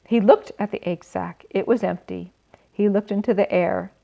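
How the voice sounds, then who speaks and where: A woman reading a children's book aloud in a gentle, expressive way, adding small asides for her listeners. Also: mid-range voice, normal speed, gravelly. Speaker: storyteller. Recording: slightly dull recording.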